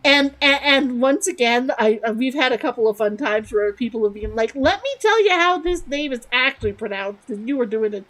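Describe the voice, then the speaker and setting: Young woman, casual game commentary; chatty, giggly, lively high voice. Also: fairly quick, few pauses, rough recording. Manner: chatty and rambling, laughs often, repeats words. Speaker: streamer.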